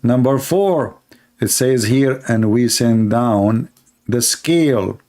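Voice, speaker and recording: A man giving sarcastic, mocking commentary while reading texts off a screen, speaking English with non-native phrasing and breaking into sudden high-pitched exclamations. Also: animated, takes it slowly, mellow. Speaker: online commentator.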